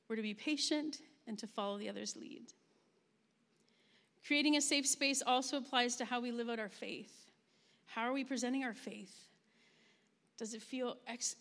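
Woman speaker, earnest storyteller, fairly high voice, long reverb of a large room. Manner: earnest, storytelling, gentle pauses. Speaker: camp ministry leader giving a talk. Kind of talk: heartfelt spoken testimony.

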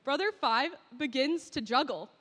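A woman's voice: high-pitched, animated, moderate pace, long reverb tail, noisy background. A woman narrating and directing a Bible skit, coaching the actors cheerfully and often laughing.

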